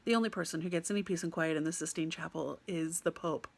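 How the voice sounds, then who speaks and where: Young American woman, storyteller; slight vocal fry, lively delivery with frequent laughter. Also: low-pitched, fast talker. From United States. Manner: animated, laughs often, mimics other people. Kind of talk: personal storytelling.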